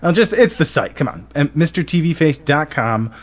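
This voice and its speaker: A man hosting a casual podcast, excitable and rambling, with many fillers. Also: on the high side, moderate pace. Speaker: podcast host.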